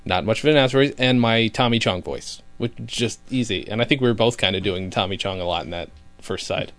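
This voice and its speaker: A man's voice: lowish voice, fast, dry recording. A man co-hosting a casual podcast, joking around, swearing freely and laughing often. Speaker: podcast co-host. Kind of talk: casual chat. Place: home room.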